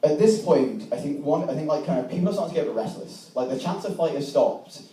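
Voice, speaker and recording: A young man tells a comic story about himself to a live audience. He swears freely and acts out remembered dialogue. His fairly high, mellow voice comes from a distance in a roomy, echoing hall. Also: animated, fast, a little hiss or hum. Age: young adult. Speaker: student speaker at a debating society. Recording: echoey room, mic from a distance.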